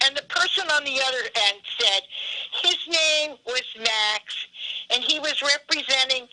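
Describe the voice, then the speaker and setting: A woman's voice: high-pitched, bright, forceful tone. A woman calling in by phone, angrily telling a profane story about scam calls. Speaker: caller. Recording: phone line.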